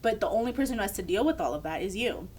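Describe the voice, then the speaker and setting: A woman's voice: mid-range voice, animated, rapid-fire, a little mellow, a little hiss or hum. A young woman, a podcast co-host, telling a candid personal story in casual chat and acting out the people she quotes.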